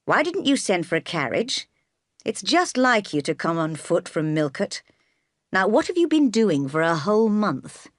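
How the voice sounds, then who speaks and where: A woman reading the lines of a teasing, brisk middle-aged gentleman. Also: mid-range voice, sing-song, no room sound, studio quality.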